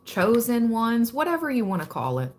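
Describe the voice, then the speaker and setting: A woman giving a calm, reflective tarot reading to her viewers. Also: on the high side, normal speed, a little hiss or hum. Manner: calm and reflective, reading card meanings aloud. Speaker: tarot card reader.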